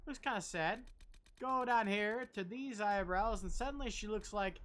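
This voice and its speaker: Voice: mid-range voice, normal speed, a bit bright. A game streamer giving casual, joking commentary with plenty of swearing and self-deprecating asides.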